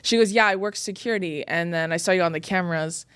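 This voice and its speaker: A woman's voice: on the low side, quick pace, smooth, no room sound. A woman hosting a podcast, telling stories in casual chat, acting out what people said to her and laughing often. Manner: animated storyteller, acts out quoted people, laughs often. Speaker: podcast host.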